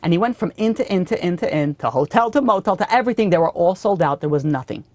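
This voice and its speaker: A man's voice: high voice, expressive, fast, a little mellow, dry recording. A man teaching a class as a rabbi, telling stories animatedly and often repeating and restarting his phrases. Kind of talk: storytelling Torah lesson.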